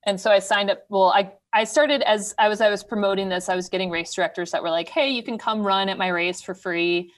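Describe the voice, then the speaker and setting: A woman's voice: medium pitch, steady tone, brisk, hardly any pauses. Upbeat woman from Wisconsin, laughing. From Wisconsin, USA. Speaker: podcast guest, ultrarunner. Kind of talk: casual interview chat.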